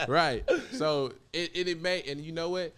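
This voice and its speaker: A young man from Oakland, guest on a casual interview, talks in loose slang and slips into quoted voices as he tells stories. His voice sits a little high for a man. He speaks like he's chopping it up with a friend. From Oakland, California. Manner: loose, animated storytelling with slang and acted quotes. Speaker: rapper guest.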